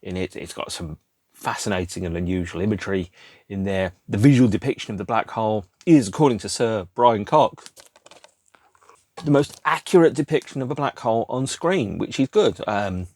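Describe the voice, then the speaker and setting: A man's voice: on the low side, normal speed, darkish tone, no room sound. A man hosting a podcast alone, rambling and digressing casually as he muses aloud. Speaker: podcast host. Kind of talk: casual solo chat.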